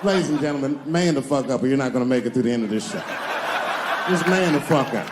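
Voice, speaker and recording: Male stand-up comedian, brash and loud-to-soft, noisy live stage recording. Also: mid-range voice, quick pace, a crowd in the background. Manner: swaggering, swings loud and soft for punchlines.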